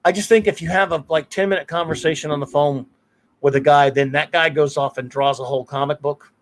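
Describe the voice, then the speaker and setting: A male podcast host talking in a casual, meandering way. His voice sits a little high for a man, and he often circles back and restarts his sentences. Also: steady tone, brisk, slight background noise. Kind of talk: casual chat.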